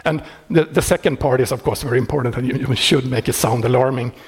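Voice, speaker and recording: A man who maintains a software project, talking casually and wryly, laughing often and restarting his sentences. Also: mid-range voice, fast talker, husky. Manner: wry and animated, laughing often, many restarts. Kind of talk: casual explanatory talk.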